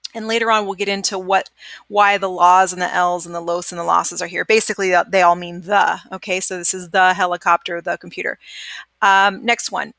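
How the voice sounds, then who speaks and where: A woman teacher records a screencast lesson into a computer microphone, her voice bright and forward in a dry, close sound. She talks casually with plenty of fillers and says each word slowly twice so students can repeat after her. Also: medium pitch, fairly even intonation, vocal fry, no room sound. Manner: chatty with many fillers. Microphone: computer microphone during screencast.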